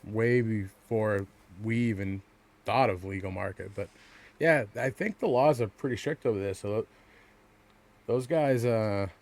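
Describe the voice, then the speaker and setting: A man's voice: lowish voice, unhurried, a little mellow. A man co-hosting a podcast in casual chat, rambling with frequent stammered restarts and swearing. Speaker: podcast co-host.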